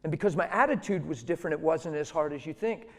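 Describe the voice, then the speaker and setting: A middle-aged man preaching through a personal story, animated and emphatic, acting out the voices of the people in it. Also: a little high, quick pace. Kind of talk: storytelling sermon. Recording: long hall reverb.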